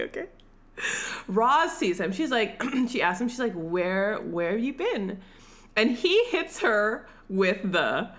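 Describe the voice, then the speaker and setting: A woman's voice: medium pitch, fairly bright tone. A woman co-hosting a podcast, retelling a film in a loose, profane, laughing way. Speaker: podcast co-host. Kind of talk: casual film recap chat.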